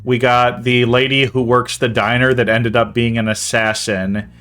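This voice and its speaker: A man's voice: mid-range voice, little pitch movement, moderate pace, a bit bright, clean tone, soft background music. A man hosting a casual movie-review podcast, rambling and laughing at his own puns. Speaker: podcast host.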